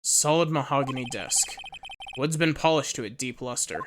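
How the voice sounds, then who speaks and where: A woman's voice: very deep voice, moderate pace, background noise. A woman reading the lines of a young male defense lawyer, making dry, wry remarks, over game music. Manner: dry, wry remarks while looking around.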